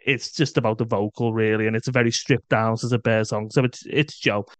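A man's voice: lowish voice, steady tone, fairly quick, no echo. A British man co-hosting a music podcast, talking casually and bluntly, swearing freely. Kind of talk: casual chat.

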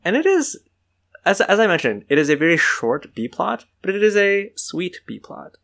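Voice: mid-range voice, moderate pace, gravelly. A podcast co-host recapping an episode in casual chat, acting out the characters' lines. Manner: animated, acts out character lines.

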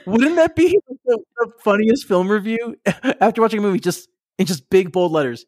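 A young male podcast co-host who talks with a lively, swooping pitch and laughs often. His chat rambles along casually, and the recording is close and dry. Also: normal speed, no echo.

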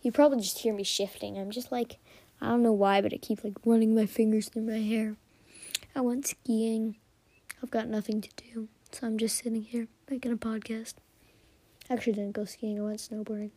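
A woman's voice: on the high side, level tone, brisk, warm tone, no room sound. A young woman hosting a solo podcast, rambling casually with lots of fillers and some whispered asides. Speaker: podcast host. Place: quiet room at home.

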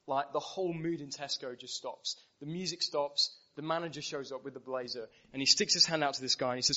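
A man's voice: on the high side, fairly quick, few pauses. British man preaching an emphatic sermon. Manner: animated storytelling, emphatic repetitions. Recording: dull muffled recording.

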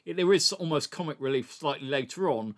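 A man's voice: fairly high pitch, animated, a little fast, fairly bright tone. A man co-hosting a casual film discussion, opinionated and blunt, often stammering and restarting with "look". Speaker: podcast co-host.

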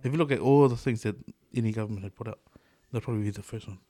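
A middle-aged New Zealand man talks in a fairly low voice, loose and chatty, swearing and laughing as he goes. The sound is dry and close, with no room around it. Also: rapid-fire, dark tone, no echo. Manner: loose, swears a lot, laughs often, fillers like "eh" and "bro". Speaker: podcast co-host. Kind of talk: casual chat.

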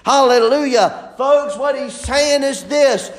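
High-pitched preacher guy, swoops up and down, laughs a lot, slow and roomy. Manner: lively preaching with laughs and shouted exclamations. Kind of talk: sermon. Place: church.

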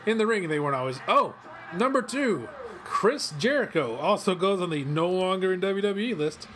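Man, fairly high voice, rambling casual commentary, swears a lot, excitable outbursts, home office. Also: normal speed. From western Kentucky, USA. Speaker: host. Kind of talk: casual watch-along commentary. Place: cold home office studio.

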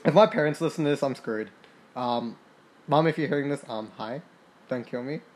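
A young man doing casual commentary on a basketball sim game, reading stats aloud, swearing freely and getting excited. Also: mid-range voice, moderate pace. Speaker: gaming podcaster.

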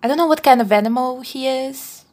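A woman's voice: high voice, a little fast, a little mellow. A woman chattily narrating the plot of a film as she watches it. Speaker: co-host film reviewer. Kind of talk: casual commentary while watching a film.

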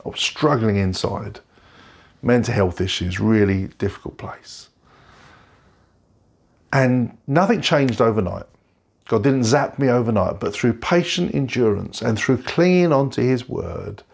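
A middle-aged man, a pastor, giving an earnest, heartfelt sermon from a bedroom at home, slowing down on key phrases. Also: medium pitch, gravelly, a little mellow, slightly rough. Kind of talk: recorded sermon.

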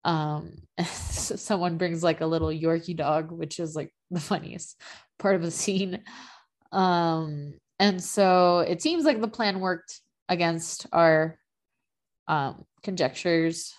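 Chatty low-voiced woman recapping a show. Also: slow. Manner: chatty, filler-heavy, laughs often. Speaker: podcast co-host recapping a TV drama. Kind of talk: casual chat.

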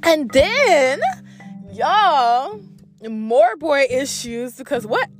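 A woman's voice: high voice, sing-song, very slow, soft background music. A young adult woman telling a story to her camera in a blunt, profane, exasperated storytime rant. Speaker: vlogger.

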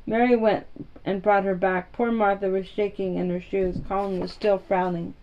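A woman narrating a children's storybook aloud in a calm, steady manner. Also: medium pitch, moderate pace, highs cut off.

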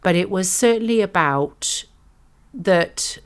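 A woman's voice: lowish voice, expressive, takes it slowly, smooth. A woman with a Welsh accent co-hosting a faith podcast, talking in a reflective, teaching way with frequent asides. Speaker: podcast co-host.

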